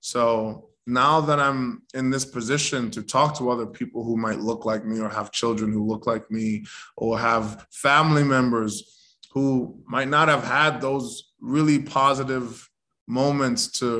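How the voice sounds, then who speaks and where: A man, an actor, telling a story in a casual interview, animated and acting out the voices of the people in it. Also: mid-range voice, a little slow. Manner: animated, acts out quoted voices.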